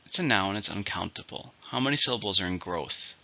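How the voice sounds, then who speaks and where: A man teaches English vocabulary, working methodically through syllables, stress and example sentences. His voice sits somewhat low but sounds very bright and tense, with an animated, wide-ranging pitch. The recording is dull and lo-fi. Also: fairly quick, creaky. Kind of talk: vocabulary lesson.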